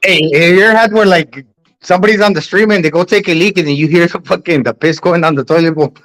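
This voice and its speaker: Fast-talking man co-host, high voice. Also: fairly bright tone. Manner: fast, loose, profane banter. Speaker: podcast co-host. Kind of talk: casual podcast chat.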